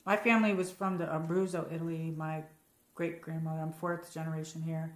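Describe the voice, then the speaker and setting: A woman's voice: low-pitched, level tone, brisk. Chatty American woman in an echoey room. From United States. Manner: rambling, chatty, reads out viewer comments. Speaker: livestream host. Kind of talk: casual live-chat hangout.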